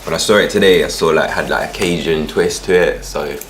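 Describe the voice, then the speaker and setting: A man with a London accent, talking in a relaxed, reflective way as a guest. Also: very deep voice, a little fast, a little hiss or hum. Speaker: music artist guest. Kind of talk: casual chat.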